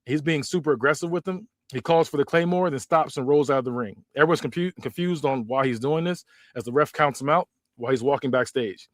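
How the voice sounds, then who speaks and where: A man's voice: mid-range voice, a little fast, no room sound, clean studio sound. A man hosting a podcast, narrating a story casually and hurriedly, with many restarts and self-corrections. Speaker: podcast host.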